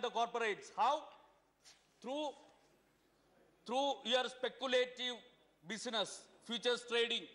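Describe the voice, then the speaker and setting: A man with an Indian English accent addresses a parliament chamber, his high, bright voice driving through rhetorical questions. He repeats words as he presses each point. The sound carries the long reverb of a large hall. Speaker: member of parliament. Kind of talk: parliamentary debate speech.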